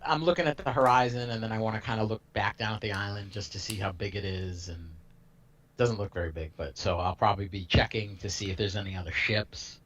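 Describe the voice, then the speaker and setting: A man's voice: fairly low pitch, steady tone, brisk, fairly bright tone, highs cut off. A man playing a tabletop game, eager and stumbling a little as he describes his moves. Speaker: player. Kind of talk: casual tabletop play.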